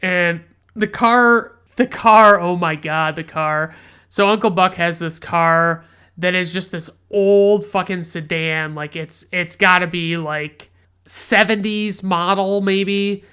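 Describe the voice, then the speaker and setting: A man's voice: high-pitched, fairly even intonation, slow, pushed and bright, clear, resonant tone. A man hosting a podcast, casually recapping a film in a rambling, profane, enthusiastic way. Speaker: podcast host, film reviewer.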